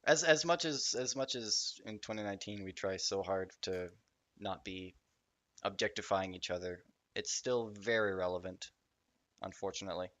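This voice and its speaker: A man's voice: sits low, a bit bright, no room sound. A young man with a Canadian accent, chatting casually as a podcast guest, joking and swearing often. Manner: joking, swears often, quick bursts of laughter.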